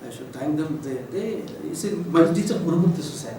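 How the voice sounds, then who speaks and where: A man's voice: fairly high pitch, animated, quick pace, dark tone. A man in his seventies with an Indian English accent, giving a rambling, emotional lecture full of fillers. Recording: roomy echo, voice from a distance, faint noise.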